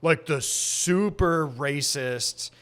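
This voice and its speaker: Excited man rambling about a cult film. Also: a little high, drawn-out words, clear, resonant tone. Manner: animated, rambling, laughs often. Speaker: podcast co-host. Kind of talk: casual movie chat.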